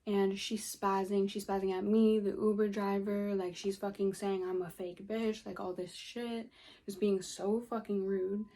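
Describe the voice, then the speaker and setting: A woman's voice: mid-range voice, little pitch movement, measured pace, mellow. A young woman telling a story casually, exasperated, swearing a lot and saying "like" constantly. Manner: profane, filler-heavy, exasperated. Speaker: vlogger.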